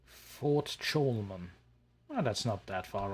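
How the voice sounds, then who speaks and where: A man's voice: lowish voice, animated, measured pace, husky. A man hosting a let's play, joking and sarcastic as he talks to the creatures in the game. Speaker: gaming channel host.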